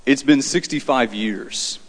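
A priest voicing a blunt, gruff elderly man making his confession, recorded with long church reverb. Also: medium pitch, slow. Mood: confessing. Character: elderly male ex-thief, blunt and plainspoken.

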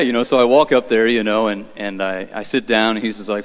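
A man, a Catholic priest, giving a conversational homily with halting fillers and repeats, in a church with long reverb. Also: on the low side. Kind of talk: homily storytelling.

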